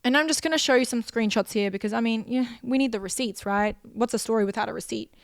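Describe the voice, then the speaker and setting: A young podcast host tells a personal story emotionally, rambling and repeating phrases over and over. She speaks quickly at a fairly high pitch, in a dry recording with clean studio sound.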